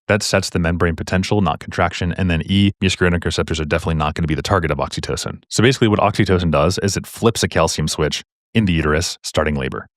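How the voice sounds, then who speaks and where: A man's voice: low-pitched, no echo, clean studio sound. A man tutoring for a medical exam, working through practice questions in a casual way with the odd joke. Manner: quick, casual, joking asides.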